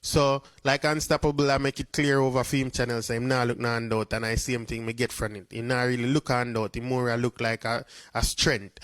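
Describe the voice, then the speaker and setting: A man's voice: mid-range voice, flat delivery, brisk, few pauses, a bit bright, dry recording. A man with a Jamaican accent giving casual commentary, talking in a chatty way and dropping into patois. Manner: chatty patois, frequent "you see me". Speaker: vlogger.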